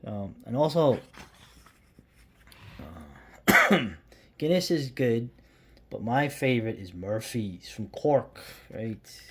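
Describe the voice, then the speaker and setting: A man from the United States chatting casually to camera about beer, rambling and restarting sentences, sometimes dropping to a hushed near-whisper. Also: mid-range voice, expressive, slow, long pauses, a little hiss or hum. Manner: rambling, self-interrupting, drops to a hushed near-whisper when admiring the beer. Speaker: beer vlogger.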